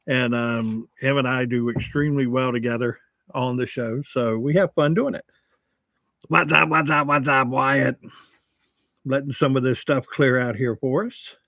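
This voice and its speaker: A man's voice: mid-range voice, normal speed. A man in his sixties hosts a casual livestream, reading out viewer comments and teasing himself with an easy, joking manner. His voice sits in a middle register, and the sound is dry with no room echo. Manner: joking, chatty and self-mocking. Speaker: livestream host and radio host.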